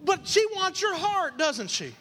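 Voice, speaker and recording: A man preaching a lively sermon as pastor, acting out quoted voices and repeating key lines for emphasis. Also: very high-pitched, measured pace, big-room sound. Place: church.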